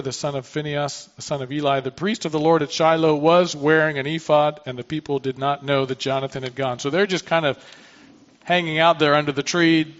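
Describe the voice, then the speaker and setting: A man's voice: fairly high pitch, lo-fi sound. A man preaching a sermon, reading scripture aloud and then explaining it in a conversational way with asides and restarts. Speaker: pastor.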